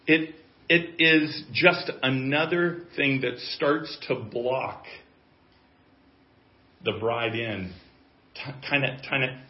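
Man preaching, roomy muffled sermon audio. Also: mid-range voice. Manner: swings from quiet musing to loud emphatic preaching. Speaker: pastor. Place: church. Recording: echoey, muffled church audio.

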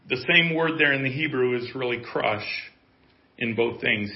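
A man's voice: mid-range voice, moderate pace. Man preaching, roomy muffled sermon audio. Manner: swings from quiet musing to loud emphatic preaching. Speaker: pastor. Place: church. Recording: echoey, muffled church audio.

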